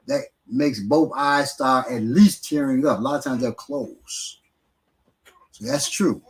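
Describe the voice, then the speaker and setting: Man, martial arts instructor, casual live-stream Q&A, blunt, streetwise, profane, middle pitch. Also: animated, slow pace, pauses often, rough recording.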